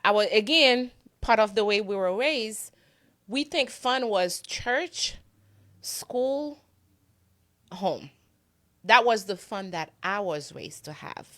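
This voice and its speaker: A woman's voice: medium pitch, animated, slow pace, fairly bright tone. A middle-aged woman from Haiti, a guest in a conversational interview, talking earnestly about her upbringing.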